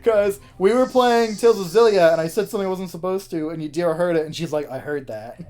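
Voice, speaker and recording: A woman's voice: on the low side, quick pace. A woman telling a rambling, giggly story to a friend while they play a video game. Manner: giggly, rambling, animated retelling. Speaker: let's play co-host. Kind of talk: casual storytelling chat. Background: game music.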